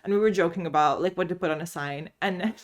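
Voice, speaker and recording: A chatty woman vlogging about books from home. She talks casually, bubbly and animated, telling stories and laughing easily. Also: fairly low pitch, quick pace. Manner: animated storyteller. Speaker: book vlogger. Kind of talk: casual chat.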